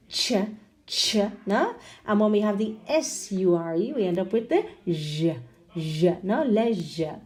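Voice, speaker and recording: A woman teaching English pronunciation online. She often tags her sentences with a questioning "no?" and spells out and exaggerates sounds slowly for learners. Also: medium pitch, warm tone. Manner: ends many sentences with a questioning "no?".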